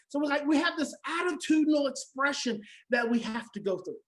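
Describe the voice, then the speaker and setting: A woman with a high, bright-pitched voice teaches a conference audience about parenting. She hammers home her points by repeating phrases, and slips into short acted-out reactions to make them vivid. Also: animated, a little fast, hardly any pauses, poor audio. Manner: emphatic, repeats key phrases, acts out quoted reactions. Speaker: conference speaker on adoption parenting.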